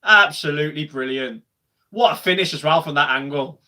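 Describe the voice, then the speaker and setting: A young man with a bright, fairly high voice, talking through a live football match for his stream. He chats loosely to viewers, then bursts into loud, cheering shouts when play heats up. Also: brisk. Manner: chatty, swings to loud shouting at goals. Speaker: football watch-along streamer. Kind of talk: live match watch-along commentary.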